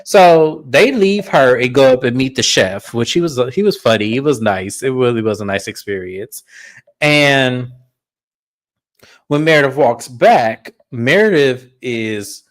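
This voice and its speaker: A man's voice: medium pitch, unhurried. Man casually recapping a reality show. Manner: animated storytelling, acts out quotes. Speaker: co-host.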